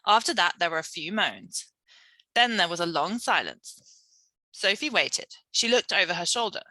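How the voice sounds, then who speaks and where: Bright British woman teacher reading aloud. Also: on the low side, expressive, moderate pace, no room sound. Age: young adult. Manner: explains words, tag questions like yeah. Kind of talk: reading a children's novel aloud with explanations.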